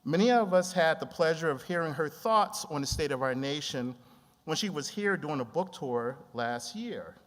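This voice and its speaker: A man hosting a conference, reading a measured, formal introduction of the keynote speaker. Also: a little high, animated, fairly bright tone. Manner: measured, formal, slows for emphasis. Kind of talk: scripted introduction. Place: large conference hall. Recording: long hall reverb.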